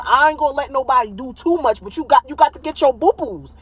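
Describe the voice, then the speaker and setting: A woman in her late thirties telling a personal story in a casual, blunt, animated way, swearing freely. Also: high-pitched, quick pace, rough recording. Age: late 30s.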